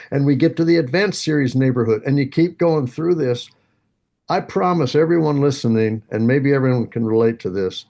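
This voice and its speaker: A man in his sixties tells a personal story on a video call, at an ordinary middle pitch. He jokes at his own expense, slips into little voices for other people, and laughs through his telling. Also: warm tone. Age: 60s. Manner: humorous, self-mocking, acts out voices, laughs often. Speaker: senior yoga teacher.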